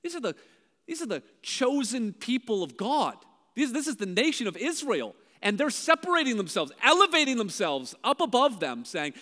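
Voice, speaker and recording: A high-voiced male pastor preaches with a lively, swooping delivery. He moves from loud, emphatic lines to quiet, hushed ones, and his voice rings with a long reverb as if in a large hall. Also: moderate pace. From Canada. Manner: animated preaching that swings between loud and hushed. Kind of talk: sermon.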